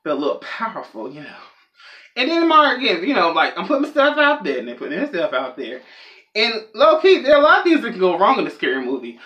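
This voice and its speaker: A man's voice: high-pitched, wildly swooping pitch, fast talker, pushed and bright, highs cut off. A young man telling a rambling, self-mocking comedic story as a vlogger. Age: young adult.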